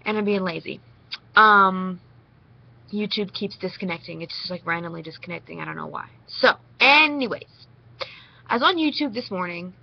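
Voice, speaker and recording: A woman's voice: mid-range voice, dull audio. Rambling Southern young woman vlogging. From Nashville, Tennessee. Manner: rambling, talks straight to the viewer. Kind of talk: casual response vlog.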